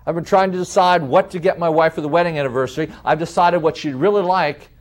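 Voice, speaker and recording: Man giving a deliberate lecture, higher voice. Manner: deliberate, slows down to stress key terms; uses vivid everyday examples.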